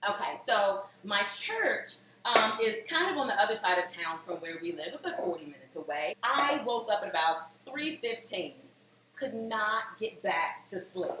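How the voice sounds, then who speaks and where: A woman in her thirties hosting a home cooking show, telling a comic story in a chatty, animated way while she cooks. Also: medium pitch, moderate pace. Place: home kitchen. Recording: echoey room, mic at a distance, faint noise.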